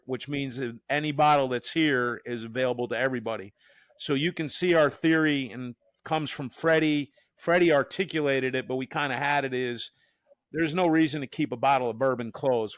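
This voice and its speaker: A man hosting a podcast, telling a story in a casual, animated way, with frequent restarts and acted-out quotes. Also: mid-range voice, no echo. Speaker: podcast host.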